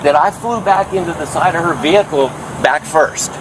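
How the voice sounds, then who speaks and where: A man's voice: fairly high pitch, moderate pace, distant mic. A man who is a former police officer, indignantly retelling a confrontation to police outdoors at a drive-thru, caught on a body camera. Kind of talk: account to police. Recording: bodycam audio with street noise.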